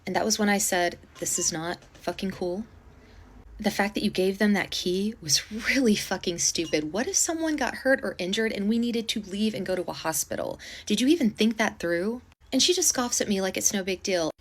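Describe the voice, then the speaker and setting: A woman telling a personal story in a casual storytime, animated and dramatic, with blunt swearing. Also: mid-range voice, fairly quick, hardly any pauses.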